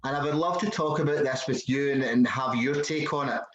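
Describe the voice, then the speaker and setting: A man's voice: medium pitch, brisk, muffled recording. A Scottish man hosting a casual video chat, talking in a chatty, rambling way. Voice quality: chatty, warm-hearted, rambling with fillers. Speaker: host. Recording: roomy echo.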